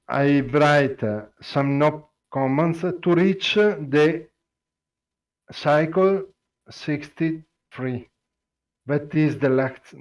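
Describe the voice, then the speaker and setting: A man with an Italian accent, Italian his first language, explaining code on a live stream, halting with many fillers and restarts. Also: medium pitch. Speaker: programming presenter.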